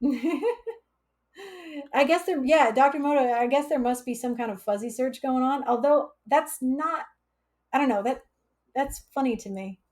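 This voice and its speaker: A woman's voice: high voice, unhurried, long pauses, darkish tone. A woman hosting a casual live coding stream, chatty and laughing often as she reads chat aloud. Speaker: livestream coding instructor.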